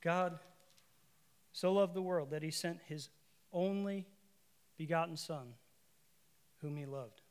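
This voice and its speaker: A man's voice: a little high, slow pace, pauses often, clear, resonant tone. A man preaching a sermon in a conversational way, making asides to the congregation and correcting himself, then pressing points with emphatic repeated lines.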